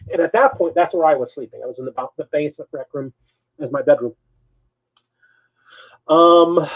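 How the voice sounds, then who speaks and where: A man co-hosting a live show, telling a story in a casual, animated way. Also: fairly high pitch, dull audio. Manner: animated, swings between mutters and loud bursts. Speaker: co-host.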